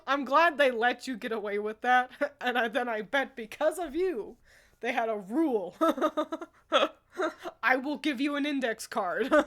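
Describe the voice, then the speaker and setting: A woman's voice: high voice, a bit bright. A young woman streamer chatting casually with her live chat, laughing often and swearing freely. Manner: giggly, laughs often between remarks.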